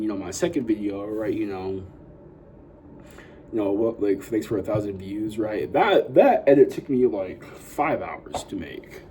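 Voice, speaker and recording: A man's voice: on the low side, warm tone, slight background noise, rough recording. A young man vlogging casually to his viewers, rambling with constant fillers and hyping them up. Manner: rambling, full of "you know" and "like" fillers; upbeat hype talk to viewers. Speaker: YouTuber. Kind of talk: casual vlog chat.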